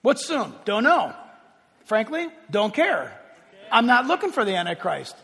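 High-voiced husky preacher in a hall. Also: male voice, wildly swooping pitch, unhurried. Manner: emphatic, swings from loud to hushed. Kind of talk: sermon. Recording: long hall reverb.

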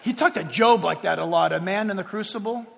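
A man preaching a sermon in an animated, playful way, acting out little dialogues and jokes. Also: high voice, brisk, vocal fry, a little hiss or hum. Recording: long echo of a large hall.

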